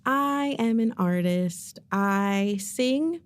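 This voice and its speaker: A woman's voice: mid-range voice, very slow, no echo. A young woman from Oklahoma, a singer, chatting casually as a podcast guest with wry, sarcastic humor. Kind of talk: casual interview chat.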